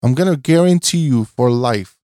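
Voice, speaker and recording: A man's voice: mid-range voice, animated, moderate pace, dark tone, dry recording, clean studio sound. Impassioned man repeating "listen". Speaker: podcast guest. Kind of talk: casual podcast chat.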